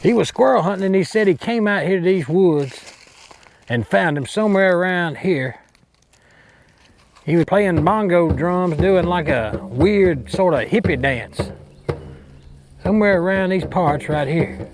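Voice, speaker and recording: An actor playing a bumbling, boastful redneck Bigfoot hunter with an Alabama Southern drawl, rambling and cocky in a mock outdoor show. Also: male voice, high voice, animated, a little slow. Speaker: hunting show host character.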